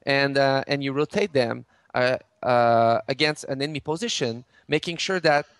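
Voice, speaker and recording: A man's voice: mid-range voice, moderate pace, fairly bright tone, smooth, dry recording. A middle-aged man, a game studio head in an interview, explaining game mechanics with many restarts and fillers.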